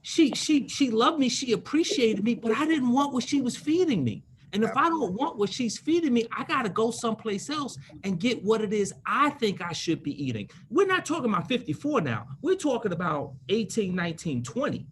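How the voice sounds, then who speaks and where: A man's voice: extremely high pitch, big pitch swings, fairly quick, hardly any pauses, a bit bright, a little hiss or hum. A man in his fifties, an attorney on a panel, telling stories emphatically and repeating words to drive points home. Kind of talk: panel discussion.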